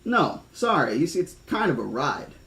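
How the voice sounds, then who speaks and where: Casting: man playing a smooth, dismissive park guide. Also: on the high side, sing-song, normal speed, a bit bright, exaggerated voice. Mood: reassuring. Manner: soothing, matter-of-fact. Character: calm adult male park guide, dismissive.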